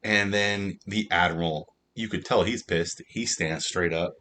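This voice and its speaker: A man with a deep, low voice walks through a TV episode scene by scene. He speaks in a casual, unscripted way with plenty of fillers. A faint rumble hums in the background. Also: unhurried, bright, forceful tone. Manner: loose, filler-heavy retelling. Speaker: TV show reviewer.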